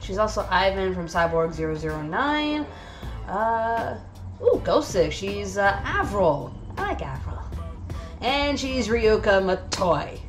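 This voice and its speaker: A woman's voice: medium pitch, expressive, slow, soft background music. A woman hosting a casual anime review video, chatty and enthusiastic with lots of fillers.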